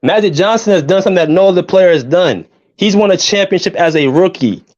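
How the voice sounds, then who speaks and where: A man's voice: sits high, lively intonation, fast, darkish tone, no room sound, muffled recording. A man co-hosting a sports podcast who defends his view insistently in a heated casual debate, repeating himself to make a point stick. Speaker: podcast co-host.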